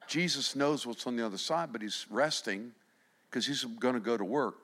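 A middle-aged man preaching a sermon, animated, swinging between loud emphasis and hushed passages. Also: medium pitch, normal speed. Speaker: pastor.

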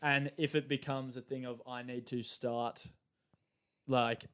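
A man chatting easily as a podcast guest, with a voice of ordinary middle pitch. He spins lively anecdotes, slips into other voices to act out quotes and breaks into laughter along the way. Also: measured pace. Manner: animated storyteller who acts out quotes and laughs often. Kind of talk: casual chat.

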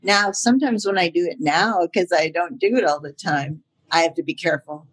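A woman's voice: on the low side, a little fast, breathy edge. An older woman voice actor chatting as an interview guest, laughing often and using many fillers. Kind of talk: casual interview chat.

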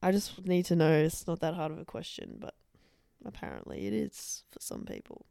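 A young woman co-hosting a casual podcast chat, playful and teasing, quick to laugh. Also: on the low side, huge pitch swings, gravelly, warm tone, no room sound. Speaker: podcast host.

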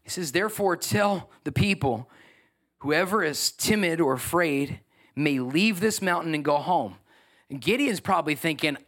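A middle-aged man, preaching a sermon as pastor in an animated, joking way with asides to the congregation. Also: fairly high pitch, moderate pace.

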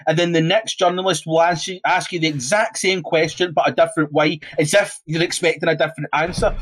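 A man's voice: high voice, low-quality recording. A young Scottish man on a casual podcast, ranting heatedly and swearing constantly. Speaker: podcast co-host.

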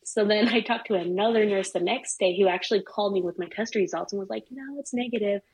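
Animated, husky-voiced woman telling a story. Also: medium pitch, fast talker, poor audio. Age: middle-aged. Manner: animated, swears freely, lots of "like". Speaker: guest. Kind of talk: casual storytelling chat.

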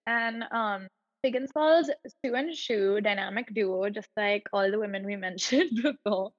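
A woman's voice: medium pitch, unhurried, no room sound, long reverb tail, muffled recording. A woman co-hosting a podcast, chatting casually and animatedly, often digressing. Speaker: podcast co-host. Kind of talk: casual chat.

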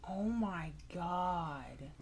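A woman's voice: fairly low pitch, expressive, extremely slow, a little mellow, a little hiss or hum. A woman co-hosting a podcast at home, chatting bluntly, swearing and cooing to her dogs. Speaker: podcast co-host. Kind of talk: casual chat.

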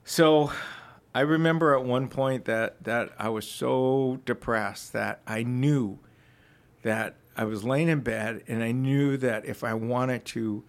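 Guy sharing his faith story on a podcast, earnest, kinda halting, average pitch. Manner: earnest, reflective storytelling with frequent restarts. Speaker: ministry founder, podcast guest. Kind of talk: personal testimony in casual conversation.

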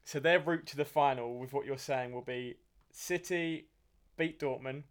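Brief: easygoing young co-host, measured, a few hesitant restarts, mid-range voice. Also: male voice, medium pitch. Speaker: podcast co-host. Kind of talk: casual football podcast chat.

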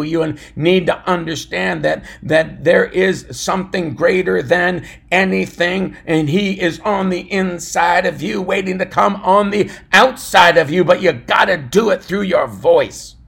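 A man preaching a fervent podcast sermon, swinging between loud shouts and low murmurs. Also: measured pace, hardly any pauses. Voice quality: gravelly, husky.

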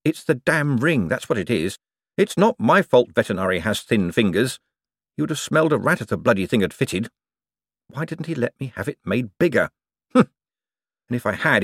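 Audiobook figure: a high, nervous male underling, fretful and panicky , voiced by a man. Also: no room sound, clean studio sound. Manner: anxious, panicky muttering. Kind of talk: audiobook character voice.

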